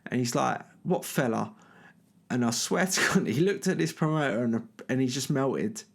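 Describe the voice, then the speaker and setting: A man's voice: mid-range voice, lively intonation, moderate pace, creaky, breathy edge. A middle-aged man, telling a rambling anecdote full of fillers and restarts. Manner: rambling, filler-heavy, lots of "you know what I mean". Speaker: storyteller. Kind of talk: casual anecdote.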